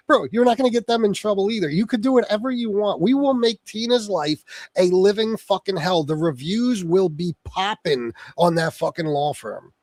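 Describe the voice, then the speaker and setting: A man's voice: sits high, animated, moderate pace, darkish tone, no room sound. A man hosting a livestream, delivering a profane, taunting rant aimed at someone he insults by name. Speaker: livestream host.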